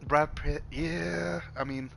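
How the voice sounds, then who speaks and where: Rambling, bright-voiced young man streamer. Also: a little high, steady tone, slow pace, gravelly, slight background noise. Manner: rambling, profane, many restarts. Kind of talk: casual chat while streaming a game.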